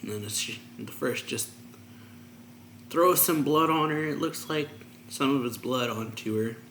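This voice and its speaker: Male reviewer, casual and rambling recap, middle pitch, roomy room with faint hum. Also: measured pace, a bit bright. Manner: loose, filler-heavy retelling. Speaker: manga reviewer. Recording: roomy echo, faint ambient noise.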